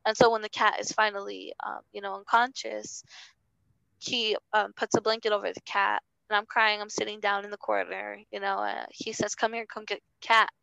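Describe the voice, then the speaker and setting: A young woman telling her own story in an interview, halting and earnest, often circling back with fillers. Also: mid-range voice, little pitch movement, creaky, pushed and bright, smooth, dry recording, dull audio. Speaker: interview guest. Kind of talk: personal testimony in conversation.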